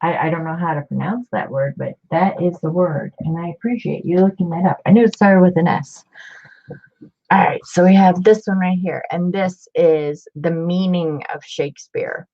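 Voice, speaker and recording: A woman's voice: lowish voice, normal speed, mellow, dull audio. A woman chatting casually on a live stream as she shows off her book collection, rambling and greeting viewers by name.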